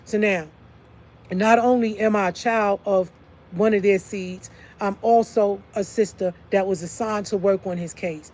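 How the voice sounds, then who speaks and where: Speaking to viewers in a relaxed monologue, this online video presenter has a medium, somewhat mellow voice with fairly even intonation and an unhurried pace. She drives her points home emphatically, often tossing in "okay?" and "like I said."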